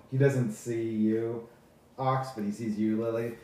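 A man running a tabletop game for his kids as game master, narrating in an unhurried, halting way. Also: mid-range voice, flat delivery, dark tone. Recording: echoey room from far off.

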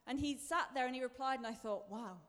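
A woman's voice: high voice, fairly quick, fairly bright tone. A woman preacher giving a sermon in a chatty, self-deprecating way, building to emphatic bursts. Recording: long reverb of a large hall.

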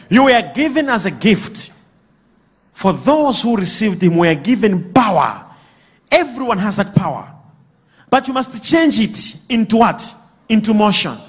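Animated, high-voiced male preacher. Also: unhurried, pauses often, husky. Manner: animated, bursts into shouts and laughter. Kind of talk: sermon with call-and-response.

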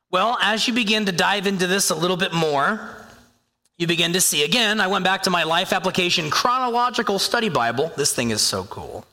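A man preaching a sermon as a pastor, talking in a conversational, animated way and acting out inner voices. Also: high voice, brisk. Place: church sanctuary. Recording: long hall reverb.

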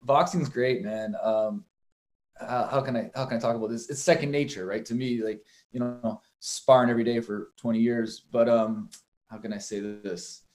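A young adult man who boxes and writes poetry chats casually in an interview, telling rambling, profane stories full of fillers. His voice is mid-range, steady, and darkish, at a normal speed.

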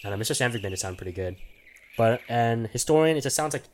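A man's voice: mid-range voice, expressive, fast, darkish tone, slight background noise. Rambling young male podcast host. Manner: rambling, laughs often, slangy. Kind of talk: casual podcast chat.

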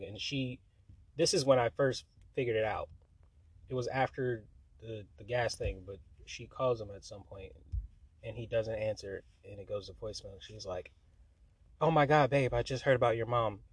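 A man telling a story in casual chat, swearing freely and laughing, his voice jumping high when he gets worked up. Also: fairly even intonation, moderate pace, breathy edge, no room sound.

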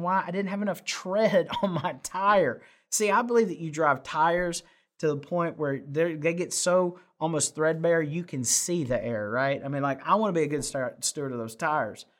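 Man preaching, folksy sermon, fairly high-pitched, chatty with fillers. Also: a bit bright. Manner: conversational and folksy with fillers, building emphasis. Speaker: pastor.

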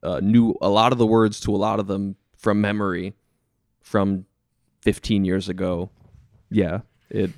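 A young man chatting casually as a podcast guest, relaxed and laughing, a bit self-deprecating. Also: fairly low pitch, unhurried, dry recording, clean studio sound. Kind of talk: casual chat.

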